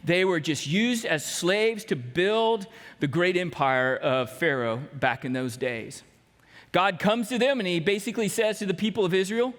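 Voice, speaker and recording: A pastor with a high-pitched, very animated voice preaches a sermon at a measured pace, telling stories and acting out the voices of the people in them. His tone is fairly bright, and the church sanctuary gives it a big-room sound.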